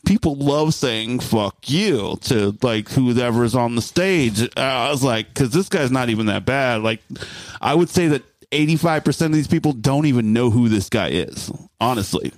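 A man telling a story in casual podcast chat, animated and profane, mimicking voices as he goes. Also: mid-range voice, moderate pace, no echo. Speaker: guest storyteller.

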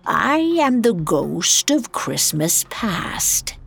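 A woman doing a calm, ageless ghost. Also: lowish voice, drawn-out words, creaky, slightly rough, exaggerated voice. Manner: steady, calm. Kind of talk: audio drama storytelling.

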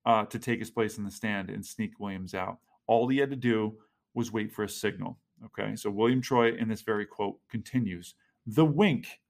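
A man's voice: medium pitch, darkish tone. A man hosting a history podcast, chatting with enthusiasm and reading quotes aloud. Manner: enthusiastic, reads quotes aloud then comments. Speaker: podcast host.

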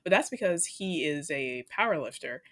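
A woman with a lowish voice that swings widely in pitch, chatting as a podcast co-host. She chimes in with quick, supportive reactions and giggles often. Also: expressive, a bit bright. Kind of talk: casual chat.

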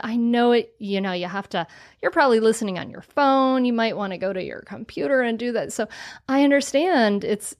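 A woman hosting a podcast, talking in a casual, earnest way with plenty of thanks and a warm, chatty manner. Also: mid-range voice, no room sound, clean studio sound. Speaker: podcast host.

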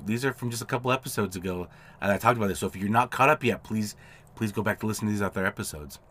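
A man's voice: medium pitch, a bit bright. A man hosting a solo podcast, explaining his work casually through examples and acted-out dialogue, often restarting his sentences. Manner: conversational, explains with repeated examples and quoted dialogue, frequent restarts. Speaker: podcast host, notary signing agent.

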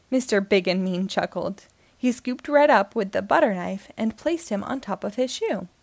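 A woman hosting and reading a children's book aloud in a slow, expressive way. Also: medium pitch, dry recording. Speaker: host and reader.

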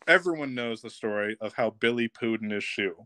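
A man's voice: mid-range voice, brisk, no room sound. Man telling camp stories with a dry, close sound. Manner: lively, laughs while telling stories. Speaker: podcast guest, former camp counselor. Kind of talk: casual storytelling.

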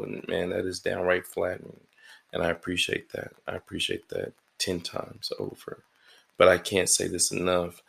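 A man's voice: low voice, gravelly, a bit bright, breathy edge. A man hosting his own podcast alone in his apartment, rambling, swearing freely and running himself down, sleepy and yawning early in the morning. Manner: rambling, profane and self-deprecating. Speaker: podcast host and stand-up comedian. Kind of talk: casual solo podcast monologue.

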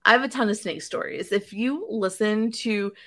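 Bright, chatty woman co-host. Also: medium pitch, moderate pace. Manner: chatty, animated storytelling with lots of "like". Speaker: podcast co-host recapping a show. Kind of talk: casual chat.

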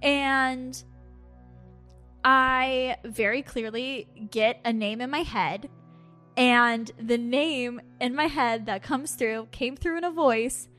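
A woman on a podcast, casually telling a personal story with animated asides and acted-out quotes. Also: sits high, slow pace, faint music behind. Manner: animated storytelling, acts out her own quotes with laughs. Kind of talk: casual chat.

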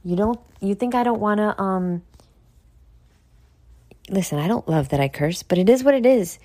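Speaking at normal speed in an expressive, mid-range voice with a dark tone, this New York-accented woman delivers a rambling, foul-mouthed, blunt podcast monologue. She slips into near-whispered asides from time to time, and there's no room sound.

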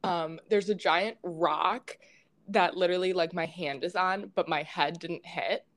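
A young woman co-hosting a podcast, telling a story in a casual, animated way with lots of laughter and fillers. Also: on the low side, unhurried. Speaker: podcast co-host.

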